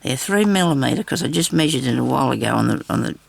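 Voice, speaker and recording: A woman chats away to her viewers as she works on a craft project. Her voice is strongly gravelly and husky, and her talk rambles along casually. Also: a bass voice, lively intonation, quick pace, no room sound. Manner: chatty, rambling, talks directly to viewers. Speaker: craft vlogger.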